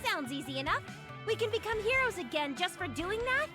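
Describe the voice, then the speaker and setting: A woman's voice: very high-pitched, sing-song, brisk, music in the background. A woman voicing an earnest, upbeat young heroine who speaks politely and eagerly.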